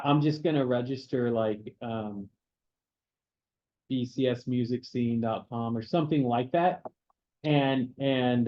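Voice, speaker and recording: A man leading a panel, talking in a casual, enthusiastic, joking way. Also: medium pitch. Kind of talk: panel discussion. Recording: dull lo-fi sound.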